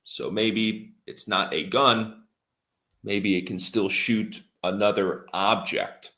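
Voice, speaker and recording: A man teaches English on a livestream in a fairly low voice. He talks very slowly and repeats each new word so learners can follow. Keyboard typing is heard in the background. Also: steady tone, pushed and bright. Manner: slow, repeats and spells out words for learners. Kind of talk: livestream language lesson.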